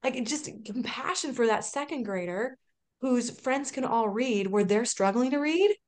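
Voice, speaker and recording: Interview guest, woman, 30s, slightly high voice, earnest and emotional personal storyteller. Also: lively intonation, normal speed, darkish tone. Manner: earnest, emotional, with restarts and laughter. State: close to tears at moments. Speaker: podcast guest.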